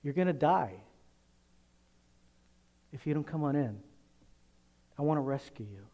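A man's voice: on the high side, animated, a little slow, dark tone. Man preaching in a chatty style. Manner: conversational preaching, rhetorical questions, acts out voices. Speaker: pastor. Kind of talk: sermon.

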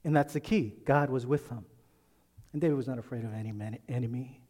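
A man's voice: mid-range voice, a little fast, mellow. A male pastor giving a sermon, reading scripture and then retelling it in a casual storytelling way. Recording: long reverb of a large hall.

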